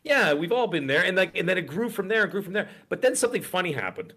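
Fast-talking rambling middle-aged man. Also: high-pitched, big pitch swings, bright, forceful tone. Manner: rambling storyteller with frequent fillers. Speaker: podcast co-host. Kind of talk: casual podcast chat.

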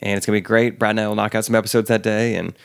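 A man's voice: fairly low pitch, level tone, racing, creaky, clear, resonant tone, no echo, clean studio sound. A young American man hosting a podcast in casual, jokey chat, laughing often. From United States. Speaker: podcast host.

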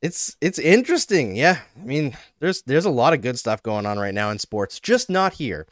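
A man's voice: medium pitch, sing-song, moderate pace, no room sound, clean studio sound. A man hosting a podcast, chatting casually with wry storytelling. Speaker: podcast host.

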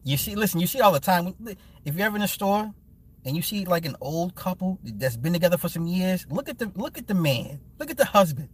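Man, 40s, stream host: slightly high voice, blunt and profane, animated, laughs a lot. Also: a little fast, breathy edge. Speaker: live-stream host and movie reviewer. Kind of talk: casual live-stream chat with viewers.

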